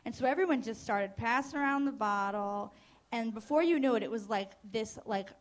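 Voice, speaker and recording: A woman's voice: on the high side, moderate pace. A young woman from New Jersey doing a stand-up comedy set on a club stage, casual and crude, with hesitant fillers and self-mocking asides.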